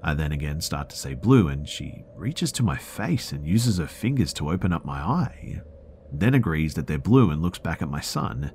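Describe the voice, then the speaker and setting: A man's voice: extremely low pitch, big pitch swings, moderate pace, a little mellow, a little hiss or hum. A man hosting a podcast, reading listener horror stories aloud in a dramatic scripted narration that sometimes drops to a whisper.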